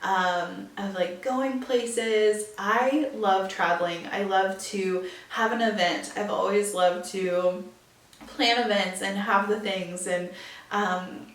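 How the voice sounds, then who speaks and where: A woman's voice: mid-range voice, steady tone, takes it slowly, recorded from a distance. A young woman hosting a casual solo podcast, chatty and full of "like"s and fillers. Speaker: podcast host. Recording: echoey room, a bit off-mic.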